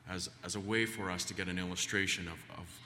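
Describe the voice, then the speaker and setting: A man's voice: low-pitched, fairly even intonation, brisk, bright, forceful tone, slight background noise. A man preaching a sermon in a church, telling folksy family stories with plenty of ums and restarts. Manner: folksy, rambling, many fillers. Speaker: guest preacher. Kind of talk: sermon with storytelling. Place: church sanctuary. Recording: long church reverb.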